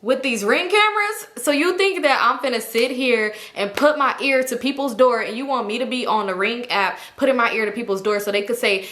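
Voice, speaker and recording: Animated, profane storytelling woman. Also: a little high, a little fast, hardly any pauses. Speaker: vlogger telling a story. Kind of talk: casual storytime. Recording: roomy echo.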